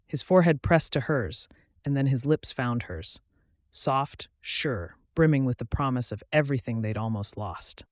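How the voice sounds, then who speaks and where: A man narrating a romance audiobook in a soft, intimate, unhurried way on a close studio mic. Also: mid-range voice, dry recording.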